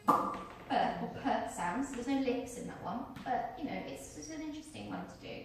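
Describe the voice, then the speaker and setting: A woman's voice: on the high side, expressive, normal speed, vocal fry, a little hiss or hum. A woman teaching a workshop on using the voice, chatty and encouraging as she demonstrates exercises aloud to a group. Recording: very echoey room, voice from far off.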